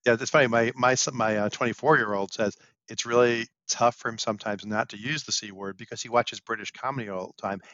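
A man in his fifties with a bright, sharp-edged voice chats on a podcast and tells lively anecdotes. The sound is dry and close, with a dull lo-fi mic quality. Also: mid-range voice, brisk, no room sound. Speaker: podcast co-host. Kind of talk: casual podcast chat.

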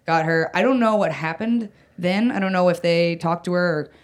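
A woman's voice: on the low side, fairly even intonation, normal speed. A woman telling a personal story in casual chat, rambling, full of "like" and "um", with frequent restarts and casual swearing.

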